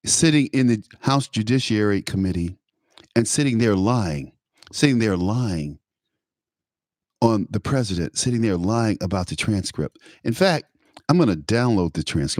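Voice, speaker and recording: Brief: male talk host, low-pitched, emphatic and repetitive, dry close mic. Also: a little mellow, no echo. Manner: repetitive, emphatic, laughs at his own remarks. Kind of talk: political commentary monologue.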